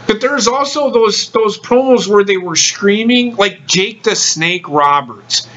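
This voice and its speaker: A man's voice: high voice, a little slow, fairly bright tone, highs cut off. A man hosting a casual podcast chat, talking bluntly and swearing freely. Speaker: podcast host.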